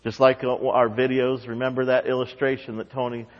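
A man preaching a sermon as pastor, swinging from quiet, low asides to loud, high emphatic lines. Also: level tone, moderate pace. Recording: dull sound with long hall reverb.

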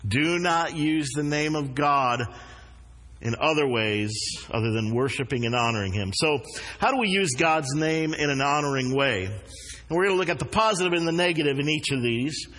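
A man preaches in an earnest, measured way, his voice sitting a little high for a man. He slows down to weigh the words that matter most. A long hall reverb trails behind every phrase. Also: a bit bright. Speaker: pastor. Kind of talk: sermon. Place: church sanctuary.

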